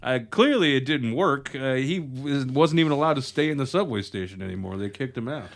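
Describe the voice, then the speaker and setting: Male comedy podcast co-host, average pitch, relaxed, reads news items with a chuckle. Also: brisk, vocal fry. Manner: laid-back, reads stories aloud between chuckles. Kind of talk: casual comedy podcast chat.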